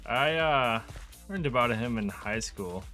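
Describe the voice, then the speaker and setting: A man's voice: medium pitch, lively intonation, measured pace, sharp tone, soft background music. A young man chatting casually while gaming on stream, easygoing with dry interjections. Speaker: stream co-host.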